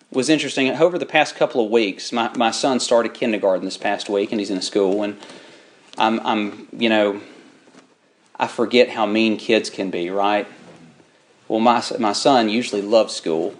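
A man preaching a sermon, shifting between folksy, chatty storytelling and drawn-out, rising emphasis on scripture. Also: on the low side. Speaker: pastor.

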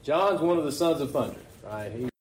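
A pastor preaching a conversational sermon, often asking the congregation rhetorical questions. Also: male voice, on the high side, expressive, brisk, a little mellow, roomy sound, low-quality recording.

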